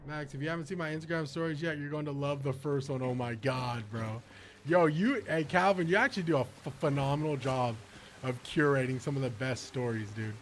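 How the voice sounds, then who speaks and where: A man streaming a video game who tells stories in an animated, slangy way and laughs often. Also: mid-range voice, a little fast, a little hiss or hum. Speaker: gaming streamer. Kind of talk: casual storytelling while playing.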